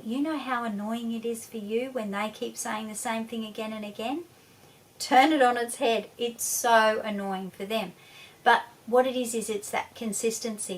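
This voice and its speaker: A woman hosting a parenting lesson, giving advice in a calm, steady way. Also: on the high side. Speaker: parenting educator. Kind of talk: instructional parenting talk. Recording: distant mic, faint background noise.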